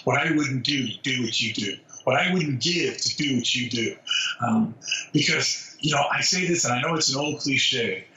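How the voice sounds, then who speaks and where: Man, 60s, New York, animated storyteller, bright forceful voice, off-mic in an echoey room. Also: medium pitch, a little hiss or hum. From New York City. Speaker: zoo spokesman, guest. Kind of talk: storytelling interview. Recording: roomy, distant, dull sound.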